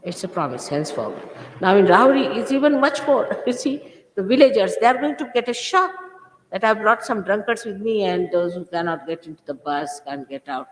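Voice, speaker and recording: A woman's voice: mid-range voice, expressive, brisk. Older woman lecturing her followers, stern and repeating herself, big hall with long echo, old tape sound. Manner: scolding, emphatic, repeats phrases for stress. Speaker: spiritual teacher. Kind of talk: informal spiritual talk to followers. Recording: echoey hall, 1980s archive tape.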